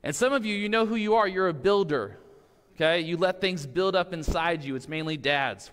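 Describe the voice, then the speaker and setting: A man's voice: high voice, normal speed, a bit bright, long reverb tail. A man preaching a sermon in a church sanctuary, casual and conversational, often checking in with the congregation. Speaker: pastor.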